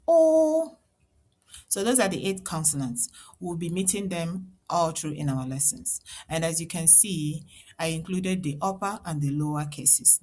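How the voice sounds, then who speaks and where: A woman with an Igbo accent teaching a children's language lesson, repeating each word slowly so learners can echo it and encouraging them along the way. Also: sits low. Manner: slow, drilled repetition of words for learners to echo; encouraging, addresses children and parents directly.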